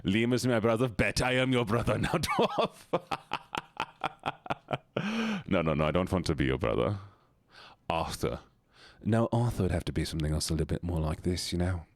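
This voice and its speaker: A male streamer talking to his chat on a live stream, teasing and playful, switching between put-on accents and goofy voices. His voice sits a little low but swings widely up and down. The sound is close and dry, with no room echo. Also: animated, moderate pace, gravelly, pauses often. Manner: playful, jokey, keeps slipping into put-on accents and silly voices. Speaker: livestreamer.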